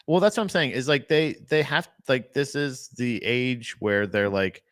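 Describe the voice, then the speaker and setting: A man's voice: mid-range voice, a little slow, a bit bright, no room sound, studio quality. A man co-hosting a casual comedy podcast, bantering crudely and laughing often. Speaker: podcast co-host.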